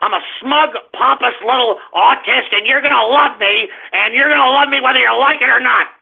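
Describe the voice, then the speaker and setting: A man's voice: extremely high pitch, fairly quick, vocal fry, breathy edge, full character voice. A man putting on a smug, pompous young male pundit in a mocking impression. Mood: mocking smugness. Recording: tinny phone-line sound.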